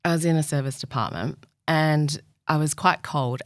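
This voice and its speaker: A woman's voice: low-pitched, normal speed, dry recording. A woman telling personal stories in a candid podcast conversation, laughing often and acting out what people said. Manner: animated storyteller, laughs often, acts out quotes. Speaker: guest.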